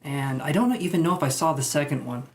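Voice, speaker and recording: Speaking fast in a fairly high voice, a man reads tarot on a live stream. He keeps things loose and jokey, wandering into asides with viewers between cards.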